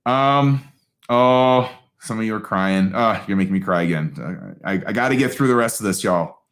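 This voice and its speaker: A man hosting a live astrology talk, answering audience questions in an animated, emphatic way with quick asides. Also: on the low side.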